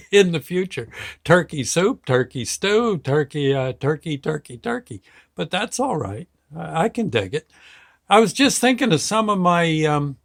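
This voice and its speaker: Older man in his 60s, host; rambling, folksy storyteller with a slightly higher voice, chuckles as he goes. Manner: rambling, folksy, chuckles often between phrases. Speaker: show host. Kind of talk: casual storytelling monologue.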